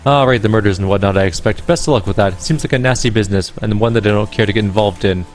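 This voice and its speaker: A man's voice: lowish voice, fast, a little hiss or hum, close to an everyday voice. A man voicing Rainbow, a brash, slangy Irish ex-park ranger woman in a game reading, with a put-on Irish accent. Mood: chatty.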